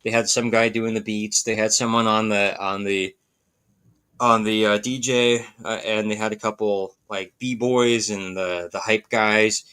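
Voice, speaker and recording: A man's voice: on the low side, level tone, measured pace, bright, forceful tone, clear, resonant tone. A man co-hosting a podcast, telling stories in an enthusiastic, laughing way. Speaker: podcast co-host. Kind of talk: casual chat.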